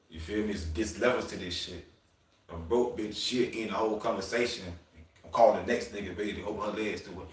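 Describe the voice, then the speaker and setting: A man with a lowish voice holds forth on a livestream, rambling and swearing freely, and often stumbles and starts his sentences over. The room around him rings with a noticeable echo. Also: normal speed, long pauses. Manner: rambling, profane, full of asides. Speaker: livestream host. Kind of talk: casual livestream rant.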